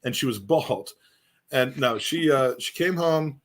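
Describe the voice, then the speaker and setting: A man's voice: mid-range voice, expressive, a little slow. Rambling middle-aged man. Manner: rambling, restarts often, earnest. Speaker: podcast co-host. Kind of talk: casual chat.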